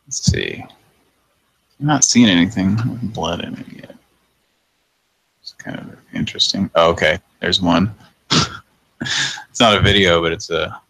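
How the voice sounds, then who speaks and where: A tired man in his thirties hosts a late-night show, his voice very low with a gravelly fry. He chats loosely, thinks out loud and chuckles often, recorded close and dry. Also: a little slow, long pauses, no room sound. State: tired, yawning. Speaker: podcast host. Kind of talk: casual live-show chat.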